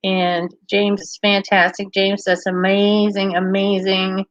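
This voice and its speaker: Hosting a livestream, a woman chats cheerfully with viewers and their live comments, bubbly and laughing often, though her medium-pitched voice is monotone and slow. The recording is dry and muffled.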